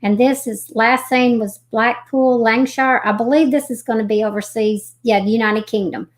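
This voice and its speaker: Woman, fairly high voice, live stream host, reads news haltingly, trips over names, chatty asides. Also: fairly even intonation. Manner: homely and chatty, with folksy asides. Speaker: live stream host reading missing persons reports. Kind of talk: casual live stream chat, reading news aloud.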